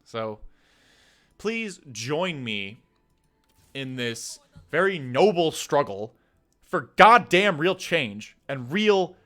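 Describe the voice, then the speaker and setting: A man's voice: on the high side, very animated, extremely slow, pauses often, pushed and bright. A man in his twenties ranting about politics, heated and swearing, sometimes dropping into a weary plea. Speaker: streamer. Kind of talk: political rant.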